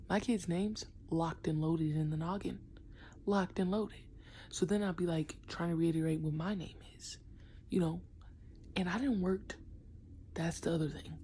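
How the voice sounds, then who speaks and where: A woman's voice: on the low side, slight background noise. A young woman who coaches basketball, talking casually and with slang in a vlog, often half-whispering. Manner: animated, slangy, acts out kids' voices.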